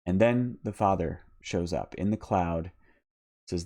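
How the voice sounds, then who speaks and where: A man's voice: low-pitched, a little slow, warm tone. A man hosting a live Bible teaching podcast, explaining a passage off the cuff with many restarts and repeated words.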